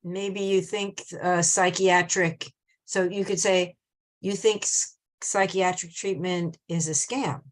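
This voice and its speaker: A woman joins in from the audience of an online workshop, answering slowly and tentatively. Her voice sits slightly low, and she restarts her words as she works out the reply. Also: steady tone. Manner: hesitant, tentative. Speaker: workshop participant.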